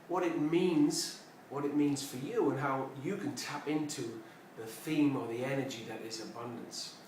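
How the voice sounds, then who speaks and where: A man's voice: medium pitch, very echoey, recorded from a distance, slight background noise, poor audio. A man giving a reflective personal development talk, telling a story and making his points with emphatic repetition. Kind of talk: reflective spoken talk to camera.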